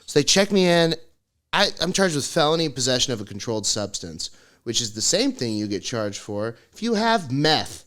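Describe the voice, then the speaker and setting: A young man tells a comic story with a lively, swooping delivery. His voice is bright and tense, and he breaks into frequent laughter as he acts out the people he quotes. He talks in a loose, rambling way. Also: mid-range voice, normal speed. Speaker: podcast co-host. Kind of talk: comedic storytelling.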